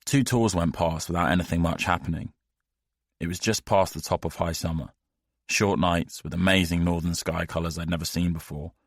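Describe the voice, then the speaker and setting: Deep-voiced guy narrating an audiobook, measured and wry, really dry close sound. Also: fairly even intonation, no room sound.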